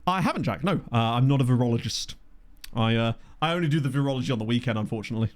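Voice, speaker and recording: A man's voice: medium pitch, very fast. A man giving casual, chatty gameplay commentary, thinking aloud and joking with his chat into a desktop microphone. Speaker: gaming video creator. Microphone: desktop USB microphone.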